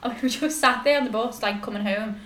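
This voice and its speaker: A young woman with a high, bright voice tells a story in loose casual chat, full of fillers and restarts. She is recorded in an echoey room. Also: brisk. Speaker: podcast host.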